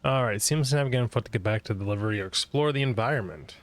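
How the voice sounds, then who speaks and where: A man's voice: medium pitch, fast talker, dry recording. A man giving casual let's-play commentary, sounding tired and mumbly, with offhand swearing. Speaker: gaming streamer.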